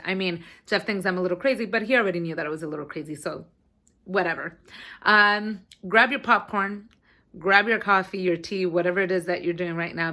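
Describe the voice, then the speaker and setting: A woman in her thirties telling a personal story to her camera in a chatty, animated way, sometimes swearing. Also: on the low side. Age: 30s. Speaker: vlogger.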